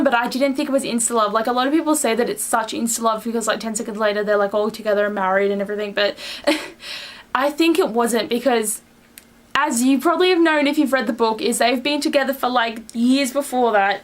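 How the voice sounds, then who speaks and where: A young woman with a slightly high voice talks to camera in a casual vlog. She gushes and rushes, piling up "like" fillers as she tries to get her excitement into words. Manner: gushing, fast and breathless with many "like" fillers. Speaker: book reviewer. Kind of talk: casual vlog book review.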